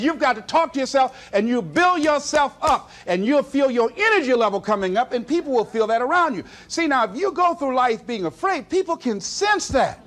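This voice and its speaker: A man's voice: very high-pitched, a little fast. A man giving a motivational speech, telling stories and acting out his own self-talk. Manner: storytelling, animated, acts out self-talk. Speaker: motivational speaker.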